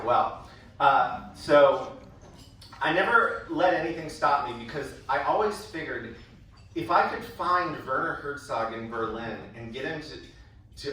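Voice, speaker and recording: Delivering a prepared speech at a school function, a man with a mid-range voice tells stories and gets animated when quoting people. The far-off recording has hall echo and a little hiss or hum.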